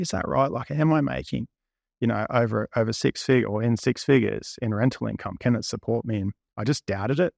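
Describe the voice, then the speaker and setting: Aussie guy in his 30s, gravelly, talks through his story, dead dry sound. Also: on the low side, darkish tone, dry recording. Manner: candid, retells conversations at length. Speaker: property investor guest. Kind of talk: interview storytelling.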